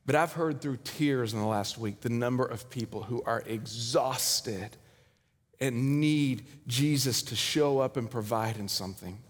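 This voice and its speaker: A male pastor preaching a sermon, telling a story with dramatic swings between loud and hushed delivery. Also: medium pitch, unhurried. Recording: hall reverb.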